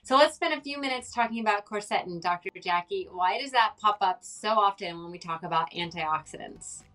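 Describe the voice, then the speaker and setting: A woman's voice: mid-range voice, a little fast, pushed and bright, far from the mic. A woman hosts a live web show, upbeat and chatty as she reads out product details and a discount. Her voice sits a little away from the mic. Faint music plays underneath. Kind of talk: casual live-stream hosting and product promotion.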